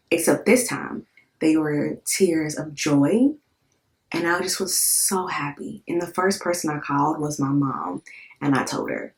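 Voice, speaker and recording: A woman in her thirties speaks with a low voice, talking straight to her viewers. Her storytelling is candid and emotional, full of fillers and quick repeats. She lets curse words slip when she quotes her own thoughts. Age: 30s. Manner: conversational with many fillers and repeats. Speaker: vlogger. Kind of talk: casual storytelling to camera.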